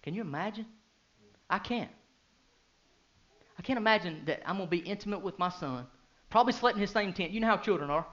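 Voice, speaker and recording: This pastor in his thirties shifts from quiet, low speech to loud, fervent outbursts, peppering the congregation with rhetorical questions. He talks a little fast with long pauses, and the sound is lo-fi.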